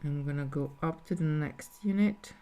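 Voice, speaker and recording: A woman's voice: sits low, moderate pace, dark tone, a little hiss or hum. A woman talking through a live beading tutorial step by step, thinking aloud as she works. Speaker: jewellery designer teaching beading.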